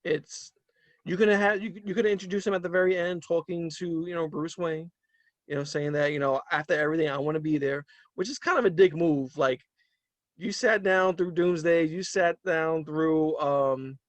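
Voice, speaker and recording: A man co-hosting a casual movie review chat, animated, trailing off with fillers and laughing often. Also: fairly high pitch, moderate pace, no room sound. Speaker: podcast co-host.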